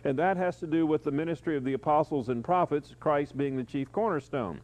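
Man teaching a sermon, halting. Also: fairly high pitch, a little mellow. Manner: teaching, with frequent "uh" pauses. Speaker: pastor. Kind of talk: evening Bible-study sermon.

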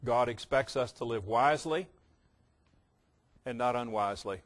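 This sermon comes from a man speaking at medium pitch. He is emphatic, lingering on the words that matter and briefly parodying casual believers in fast asides.

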